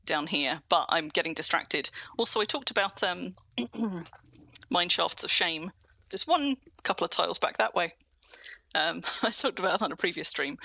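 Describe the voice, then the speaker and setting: A woman's voice: deep voice, creaky, pushed and bright, dry recording. A young adult woman streaming a game, rambling cheerfully through a tour and answering her viewers' chat as she goes.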